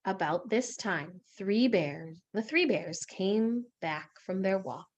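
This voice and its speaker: A woman teacher reading a story aloud in a lesson, expressive and asking questions. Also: medium pitch, slow pace, muffled recording.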